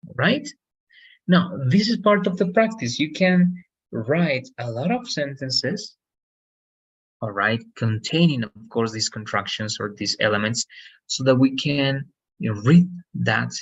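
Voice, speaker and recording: A man's voice: medium pitch, dull audio. Native Spanish-speaking man as online English teacher, explanatory, keeps checking in with learners. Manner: explanatory, frequent "right?" checks, self-corrections.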